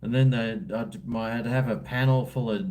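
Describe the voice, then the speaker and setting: On a casual livestream, a middle-aged Australian host reads comments and rambles on, relaxed and full of slang. His drawling, medium-pitched voice stays steady and a little mellow at a moderate pace.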